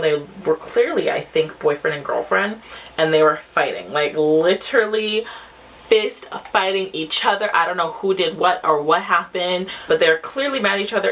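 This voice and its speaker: Chatty young woman telling a story. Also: low-quality recording. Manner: chatty, animated, acts out quotes in a high voice. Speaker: vlogger. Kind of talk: casual storytime while doing makeup.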